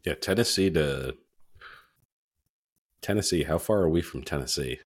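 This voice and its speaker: Very deep-voiced laid-back podcast co-host. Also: male voice, animated, normal speed, slightly rough. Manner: laid-back, profane banter. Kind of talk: casual podcast chat.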